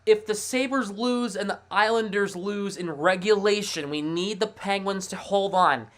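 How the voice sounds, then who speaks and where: A man hosting a casual live sports stream, thinking aloud in a chatty, excitable way. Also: high-pitched, unhurried. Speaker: livestream host.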